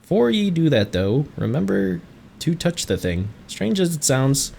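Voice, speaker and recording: A man voicing a rough, friendly male tavern keeper in a salty dialect, with a gravelly edge. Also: mid-range voice, a little fast, slight background noise, close to an everyday voice. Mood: instructive. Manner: piratey dialect, dropped endings, hearty.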